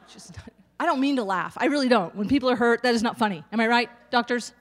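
A woman's voice: a little high, expressive, quick pace. A woman in her sixties, a nurse and stand-up comic, delivering a chatty, self-deprecating routine to the audience. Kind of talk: stand-up comedy.

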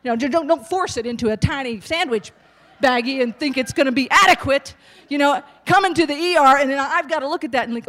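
A woman in her sixties doing stand-up, chatty and self-deprecating, with a slightly high voice. She talks straight to the crowd, wandering through her asides. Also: fast talker, fairly bright tone. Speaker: stand-up comic and nurse. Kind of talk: stand-up comedy.

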